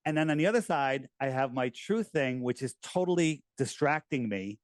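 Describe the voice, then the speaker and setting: A middle-aged American man talking casually in an interview, animated and rambling, with many restarts. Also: mid-range voice, moderate pace, no room sound. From United States. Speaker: podcast host, guest.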